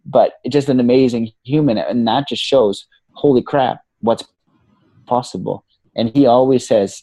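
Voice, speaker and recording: A man with a mellow, warm voice talks in a relaxed interview. He is animated and casual, tossing in swear words and "you know" all through. The sound is close and dry. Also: medium pitch, a little slow, dry recording. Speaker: podcast guest, coach.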